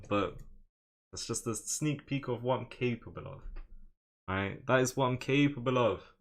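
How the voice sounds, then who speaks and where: A man's voice: medium pitch, moderate pace, a bit bright. A young man streaming chess live, joking and boasting while reading out chat messages.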